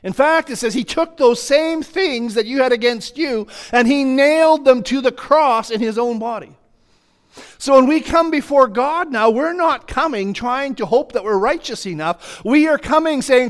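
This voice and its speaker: A man with a strikingly high voice preaches a sermon. He speaks with emphasis and fervor, piling clause on clause in long repeated runs to press his point. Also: lively intonation, moderate pace.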